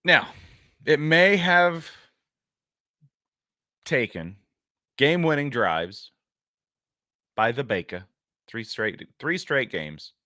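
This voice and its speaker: A man's voice: mid-range voice, lively intonation, slow, pauses often, bright, forceful tone, no room sound, studio quality. A man co-hosting a sports podcast, talking casually in a laid-back way. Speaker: podcast co-host.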